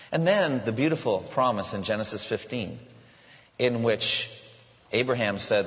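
A male pastor preaching a sermon emphatically, slowing down to stress his points, in a large church. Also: fairly low pitch, expressive, a bit bright. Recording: dull sound with long hall reverb.

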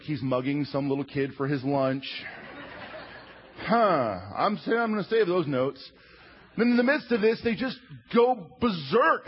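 A man in his thirties, a pastor preaching a sermon with humorous, animated storytelling. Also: sits high, slightly rough. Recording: slightly muffled recording.

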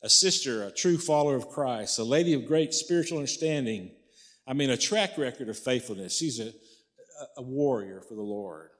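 A man's voice: medium pitch, lively intonation, moderate pace. Folksy man preaching a sermon. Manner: folksy, repetitive, conversational preaching. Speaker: pastor.

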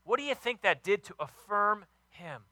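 A man preaching a sermon with enthusiastic, emphatic delivery, warm about his kids and his faith. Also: high voice, very animated, normal speed, no echo, rough recording. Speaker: pastor.

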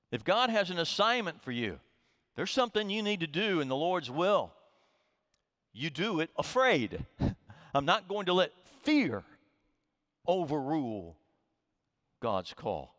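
Male pastor, higher-pitched voice, animated emphatic sermon delivery, long hall reverb. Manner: earnest, emphatic preaching with rising and falling delivery.

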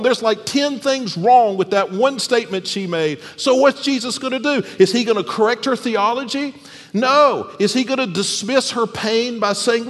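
A man preaching a sermon as pastor, animated, often dropping soft and low for emphasis. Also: normal speed. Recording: long hall reverb.

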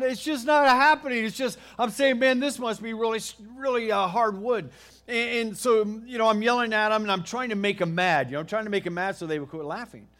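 A middle-aged American man preaching a sermon, telling a homey story in a folksy, animated way with frequent restarts. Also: high voice. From United States. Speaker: pastor.

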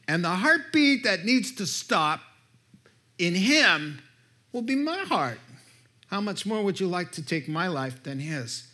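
A man voicing a noble, merciful lion king in solemn, gentle, firm tones, while retelling a story in a sermon. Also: a little high, moderate pace, few pauses, lightly acted.

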